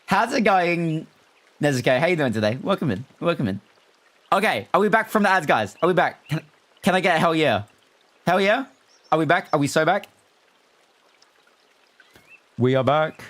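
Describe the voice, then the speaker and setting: A man's voice: on the high side, very animated, brisk, long pauses, fairly bright tone. A man streaming live, chatting casually and animatedly with his viewers and reading their messages aloud. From not American. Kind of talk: casual livestream chat with viewers.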